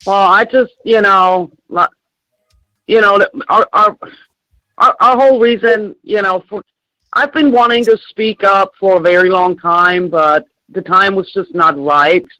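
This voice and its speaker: A woman's voice: mid-range voice, unhurried, pushed and bright, dry recording, dull audio. An older woman, a grieving grandmother, speaking angrily and bluntly as a guest on a call-in show, swearing and repeating herself. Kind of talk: emotional interview on a call-in show.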